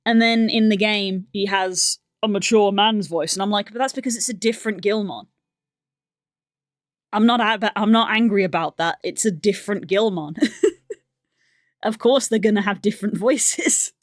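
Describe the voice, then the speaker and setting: A woman's voice: mid-range voice, normal speed, no room sound, clean studio sound. A woman streamer chatting in a rambling way while she draws, often laughing. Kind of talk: casual chat while drawing on stream.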